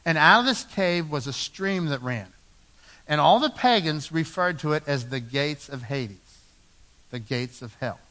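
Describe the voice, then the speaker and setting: Animated man preaching a sermon. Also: a little slow. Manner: dramatic preaching, swinging from loud emphasis to low hushed lines. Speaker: pastor.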